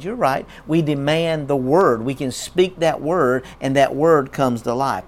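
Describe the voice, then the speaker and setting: A man's voice: medium pitch, unhurried. A man preaching a sermon as a pastor, emphatic and repeating key words.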